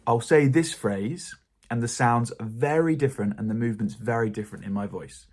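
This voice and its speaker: A man with a British RP accent teaching a pronunciation lesson in a calm, encouraging way. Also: medium pitch, a little fast. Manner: calm, encouraging explanation to learners. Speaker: English teacher.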